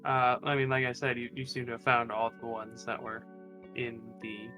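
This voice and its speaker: A man running a tabletop game on a stream as game master, thinking aloud with pauses. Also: mid-range voice, flat delivery, pushed and bright, soft background music.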